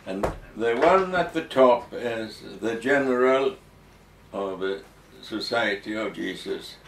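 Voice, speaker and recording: A man answering interview questions slowly and hesitantly, with frequent ums and restarts. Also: lowish voice, lively intonation, a bit bright. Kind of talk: halting explanatory interview answers. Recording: echoey room, distant mic, faint noise.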